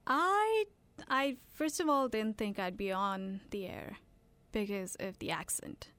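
A young woman with an Indian English accent, chatting in a radio interview, animated and quick to laugh, with halting restarts. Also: medium pitch, clear, resonant tone, no echo. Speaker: radio guest.

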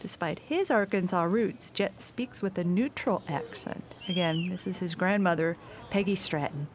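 A woman reporter narrating a scripted radio news feature in a clear, even delivery. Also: on the low side, normal speed, noisy background.

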